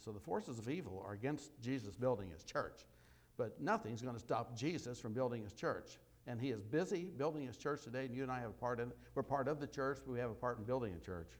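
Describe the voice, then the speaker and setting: A man preaching a sermon, with emphatic loud bursts and quieter asides as he walks through scripture. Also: mid-range voice, animated, a little fast.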